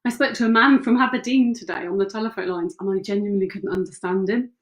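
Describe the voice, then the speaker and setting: A woman's voice: medium pitch, fast talker. A woman co-hosting a casual home question-and-answer chat, teasing her partner and laughing often. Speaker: co-host. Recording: echoey room.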